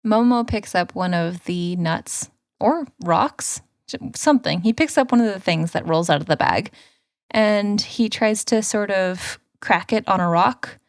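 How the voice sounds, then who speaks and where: A woman co-hosts a podcast with a mid-range voice, retelling a cartoon episode in relaxed chat. She slips into playful voices for the characters' lines. The sound is dry and close. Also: mid-range voice, a little slow, dry recording. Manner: animated storyteller, acts out characters' lines. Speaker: podcast co-host. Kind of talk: casual episode recap chat.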